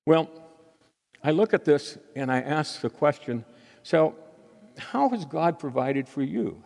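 Gravelly male preacher in a reverberant hall. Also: mid-range voice, a little mellow. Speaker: pastor. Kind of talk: sermon.

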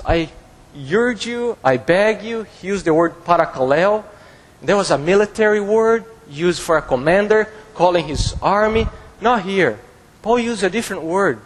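Male pastor, high and husky, emphatic preaching with repeated phrases, long church reverb. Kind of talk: expository sermon.

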